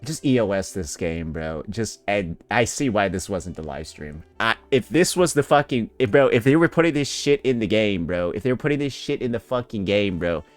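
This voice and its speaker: Male gaming reactor, blunt and profane, animated delivery, dry mic, faint music. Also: fairly low pitch, normal speed, hardly any pauses, no room sound. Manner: blunt, incredulous, keeps saying bro. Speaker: gaming YouTuber.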